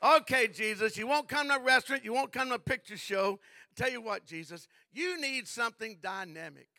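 A male preacher acting out a smooth-talking devil who bargains and coaxes during a sermon. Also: fairly quick, sharp tone, no room sound, full character voice. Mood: pushy. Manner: coaxing sales pitch, bargaining. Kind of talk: acted-out sermon scene.

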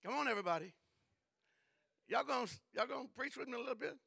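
A male preacher calls out to his congregation and builds to shouting peaks. His voice sits very high and rings bright and sharp. The sound is dry and close. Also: lively intonation, quick pace, creaky, husky, no room sound. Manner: call-and-response, building to shouts. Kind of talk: sermon.

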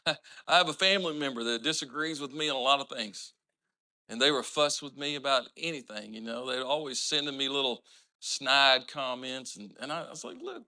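A man's voice: medium pitch, lively intonation, normal speed, bright, forceful tone. A man preaching a sermon as pastor, driving his points home with rising emphatic lines and slipping into plain storytelling between them.

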